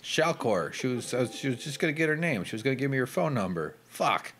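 A man's voice: medium pitch, big pitch swings, fairly quick, fairly bright tone. A man giving casual, crude, sarcastic commentary over a video game playthrough. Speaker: gameplay commentator. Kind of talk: casual let's play commentary.

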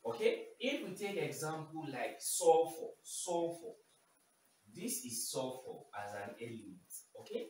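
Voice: mid-range voice, sing-song, a little slow, a little mellow. Teacher in a very echoey room. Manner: repeats key terms, checks in with "okay?". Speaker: chemistry teacher. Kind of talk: simplified video lesson. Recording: very echoey room, voice far from mic, faint noise.

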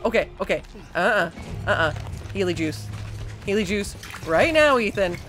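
A woman's voice: lowish voice, normal speed, a bit bright. Young woman, gaming commentary, jittery and rambling, curses often, faint music under her voice. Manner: panicky, rambling, swearing, talks to the game. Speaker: gaming streamer. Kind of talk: let's play commentary.

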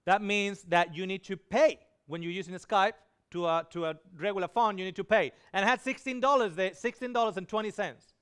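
A man preaching with a high, smooth and resonant voice, telling a personal story with animation. He acts out the people he quotes. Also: a little fast, a bit bright. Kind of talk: storytelling sermon.

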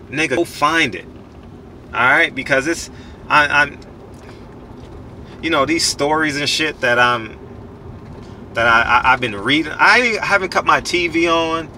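A man in his forties talks outdoors with a very bright, forceful edge to his voice. He preaches hard, repeating phrases and swearing for emphasis. Faint street noise runs underneath. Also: fairly high pitch. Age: 40s. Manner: preachy, repetitive, profane and emphatic. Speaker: channel host giving life advice. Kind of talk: casual motivational talk.

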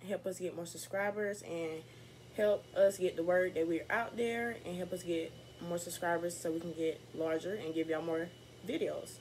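A woman's voice: lowish voice, steady tone, moderate pace, background noise. A young woman talking casually to camera for her vlog, chatty, candid and upbeat. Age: young adult. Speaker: vlogger.

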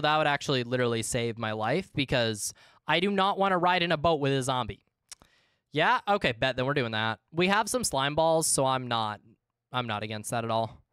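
A man livestreaming a game, rambling and cursing to his chat in a loose, offhand way. His voice is smooth and resonant, at a middling pitch. The sound is dry and close, with no room echo at all. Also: a bit bright. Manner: chatty, swears freely, talks to chat. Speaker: streamer. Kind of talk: casual livestream commentary.

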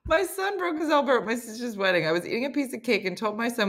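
A woman's voice: fairly high pitch, sing-song, brisk, fairly bright tone. A woman hosting a comedy morning show, reading listener stories aloud with playful banter.

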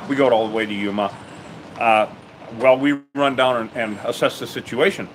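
A man who runs a bee removal business, livestreaming from a busy town street in a profane, rambling, excitable way. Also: mid-range voice, moderate pace. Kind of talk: casual livestream narration on site. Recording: noisy outdoor street recording.

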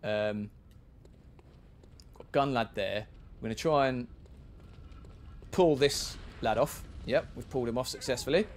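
A man's voice: mid-range voice, measured pace, pauses often, slight background noise. A man giving casual, chatty commentary while playing a video game, with self-mocking asides. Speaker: gaming video creator.

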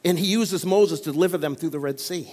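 A man's voice: a little high, fairly quick, a little mellow. A man preaching a sermon as pastor, asking the congregation for amens between points. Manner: call-and-response preaching, frequent amens. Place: church sanctuary. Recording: long reverb of a church hall.

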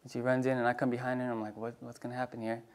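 A man preaching in a casual storytelling way, acting out voices in his anecdotes and dropping to a hushed tone for tender moments. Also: medium pitch, little pitch movement, racing, background noise. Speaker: pastor. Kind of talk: storytelling sermon.

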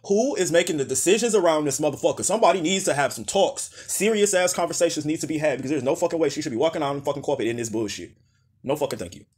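A man's voice: on the high side, animated, racing, darkish tone, breathy edge. A man roasting red carpet outfits in blunt, profane rants, calling names over and over and telling people to go to hell. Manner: blunt, profane, exasperated rants with repeated name calls. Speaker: fashion critic.

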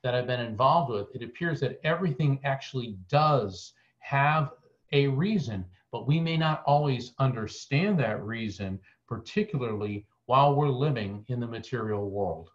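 An earnest man tells a story as a guest on a video call, his voice at an ordinary middle pitch for a man. He talks in a conversational way and often restarts his sentences. The call audio sounds dull and lo-fi. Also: animated, normal speed. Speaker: guest medium.

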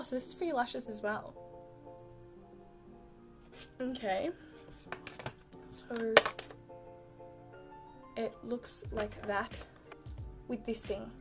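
A young woman vlogging casually, telling a funny story with lots of "like" and frequent giggles. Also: a little high. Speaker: beauty vlogger.

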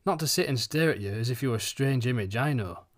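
A man voicing an easygoing, drowsy old farmer with a Yorkshire accent and gruff dialect speech. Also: mid-range voice, animated, fast, natural voice.

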